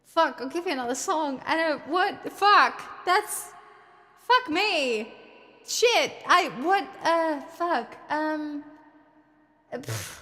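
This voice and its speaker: High-voiced Australian woman streaming. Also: takes it slowly, fairly bright tone, long reverb tail. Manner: swears a lot and blurts out exasperated questions. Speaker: live streamer. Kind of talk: casual live-stream chat.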